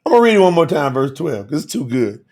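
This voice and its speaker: A man's voice: a little high, big pitch swings, fast talker, a little mellow. A man teaching scripture on a live telethon, preaching with exuberant commentary, laughing often and calling out viewers by name.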